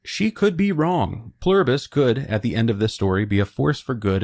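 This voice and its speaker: A man's voice: fairly low pitch, a little mellow. A young man hosting a video essay, giving opinionated commentary with joking asides. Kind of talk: casual commentary.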